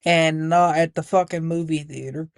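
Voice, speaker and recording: An opinionated man from the United States talks on a podcast, swearing casually. His voice is fairly high and recorded dry, with no room around it. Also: steady tone, normal speed, clear, resonant tone, dry recording. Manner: opinionated, profane, offhand. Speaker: podcast co-host. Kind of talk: casual chat.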